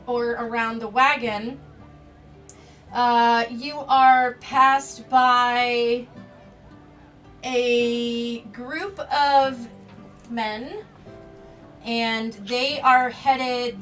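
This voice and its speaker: A woman narrating as game master of a tabletop role-playing game in a relaxed, chatty way. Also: fairly high pitch, far from the mic.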